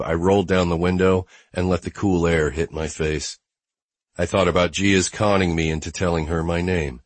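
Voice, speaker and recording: A man narrating a first-person novel as an audiobook, in a wry, low-key manner. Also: dry recording.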